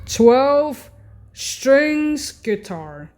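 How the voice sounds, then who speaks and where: Very slow, halting woman teaching keyboard. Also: high voice, big pitch swings, a little mellow. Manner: halting, often correcting herself and apologizing. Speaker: keyboard instructor. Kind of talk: casual keyboard demonstration.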